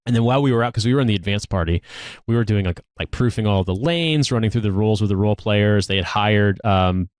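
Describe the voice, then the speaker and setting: A man's voice: lowish voice, quick pace, a little mellow, dry recording, clean studio sound. A man in his thirties, an army veteran co-hosting a podcast, telling stories casually with many restarts and trailing asides. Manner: rambling storyteller, frequent restarts.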